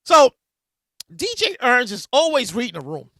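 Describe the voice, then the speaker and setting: A woman in her thirties hosting a solo podcast, telling stories in a casual, profane, animated way and acting out quotes loudly. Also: on the high side, moderate pace, no echo, clean studio sound. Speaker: podcast host.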